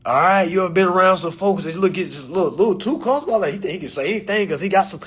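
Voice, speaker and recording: Husky slangy man talking to camera. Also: very fast. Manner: loose slangy delivery, swings from loud and animated to low and quiet. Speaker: social media creator. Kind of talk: casual talk to camera for followers. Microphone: phone or camera mic.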